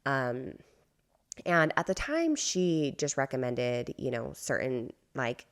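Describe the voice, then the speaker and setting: A woman in her thirties with a notably low voice chats on a podcast. She tells a family story candidly, rambling along with plenty of fillers. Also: expressive, slow pace. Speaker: podcast co-host. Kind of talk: casual storytelling chat.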